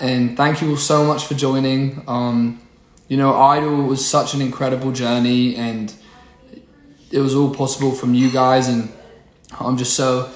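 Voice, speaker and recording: A young singer-songwriter chatting casually on a phone livestream, rambling with lots of fillers. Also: male voice, medium pitch. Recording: roomy echo, faint noise.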